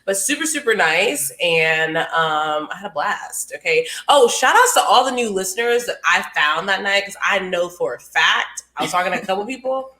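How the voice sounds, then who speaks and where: A woman's voice: medium pitch, expressive, normal speed, few pauses, pushed and bright. A young woman co-hosting a podcast, telling stories animatedly with frequent laughter and swearing. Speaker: podcast co-host. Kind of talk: casual chat. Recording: echoey room.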